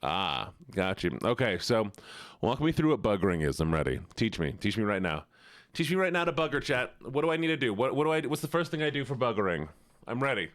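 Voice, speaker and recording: A man teasing his chat, lively pitch. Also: brisk, no echo, clean studio sound. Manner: playful and teasing, mock outrage with big jumps in pitch. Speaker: live streamer. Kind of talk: casual chat with a stream audience.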